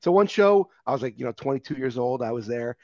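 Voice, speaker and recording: A man hosts a casual interview, eagerly sharing his own stories and laughing along in a fast, expressive, mellow medium-pitched voice. The sound is dull, lo-fi, and dry with no room echo.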